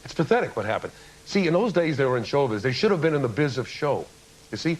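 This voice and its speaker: A man's voice: medium pitch, sing-song, fast, rough recording. A man giving an impassioned, lecturing speech as a guest on a television talk show, full of rhetorical questions. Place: TV studio with audience.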